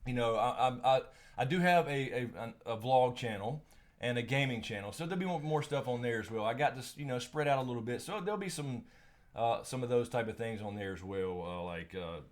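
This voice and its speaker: A man's voice: medium pitch, expressive, brisk. A man hosting a casual live stream, rambling with lots of fillers and restarts, laughing often, and reading out viewer names and questions.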